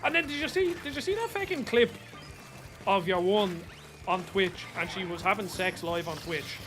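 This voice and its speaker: A young Irish gaming streamer chats casually over music, swearing freely and breaking into excited outbursts at the action. His voice sits high and moves at a normal speed.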